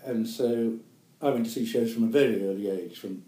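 A man's voice: fairly low pitch, normal speed, warm tone, reverberant, rough recording. An actor in his eighties with a New Zealand accent, reminiscing in an interview with chuckles and rambling self-corrections. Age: 80s. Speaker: guest actor.

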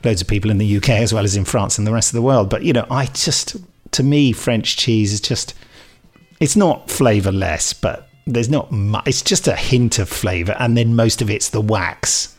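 A man's voice: on the low side, normal speed, faint music behind. A man co-hosting a podcast in casual chat, answering listener emails with dry, teasing, opinionated asides. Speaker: podcast co-host.

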